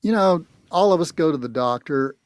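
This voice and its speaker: A man with a somewhat higher voice hosts a talk radio show as a financial advisor, telling plain-spoken stories to make his point. The sound is dry and close, as in a radio studio. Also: lively intonation, moderate pace, no room sound. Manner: storytelling, persuasive, plain-spoken. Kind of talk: folksy talk radio conversation.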